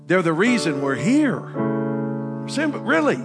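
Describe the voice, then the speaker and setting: A man, the pastor, addressing his congregation in a halting way, repeating words as he goes. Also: on the high side, huge pitch swings. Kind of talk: sermon. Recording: church service with music behind. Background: loud guitar and piano music.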